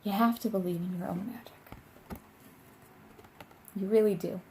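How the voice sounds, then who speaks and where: Woman tarot reader, casual vlog, mellow voice, earnest and encouraging, chatty. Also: mid-range voice, steady tone, moderate pace, a little hiss or hum.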